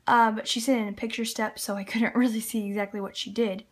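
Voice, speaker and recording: A woman's voice: fairly high pitch, level tone, fast. A woman with a Canadian accent, chatting casually as she talks viewers through a loom craft step by step. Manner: chatty, talks while working with hands, little laughs. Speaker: loom tutorial host. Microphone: camera on tripod at table.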